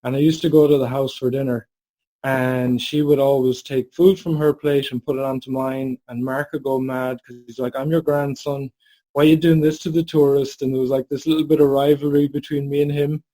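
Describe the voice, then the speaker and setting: A man in his forties telling a candid personal story, animated and casual, over a video call. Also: medium pitch, fairly quick, low-quality recording. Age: 40s.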